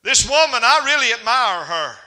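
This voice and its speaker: Male evangelist, very high bright voice, folksy sermon delivery, church hall reverb. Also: very animated, moderate pace. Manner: folksy preaching with humor and rising emphasis. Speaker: evangelist preacher.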